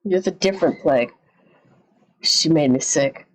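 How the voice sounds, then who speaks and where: A slightly low-voiced woman streams from her home setup and reacts out loud. She chats casually, swears freely and drops sarcastic asides. Her voice comes through a desk mic. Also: measured pace, rough recording.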